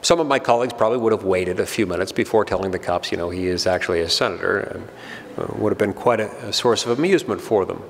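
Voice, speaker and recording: Middle-aged male speaker, gravelly, dry self-deprecating humor, reverberant hall. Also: lowish voice. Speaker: senator giving a speech. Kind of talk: humorous public speech.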